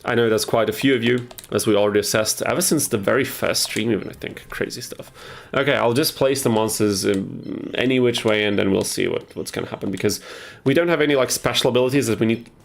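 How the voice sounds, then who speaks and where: A man's voice: medium pitch, quick pace, gravelly. A young man casually chatting on a live game stream, answering chat as he plays, on a headset mic. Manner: chatty, reads and answers chat while playing.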